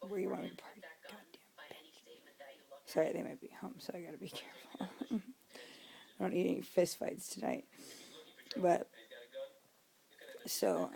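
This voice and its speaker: A young woman with a deep, heavily gravelly, dark voice, venting in a casual home vlog. She has been drinking, swears freely, and sometimes sinks to a hushed whisper. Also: poor audio. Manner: venting, profane, drops to a whisper. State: drunk. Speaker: vlogger. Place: home, indoors.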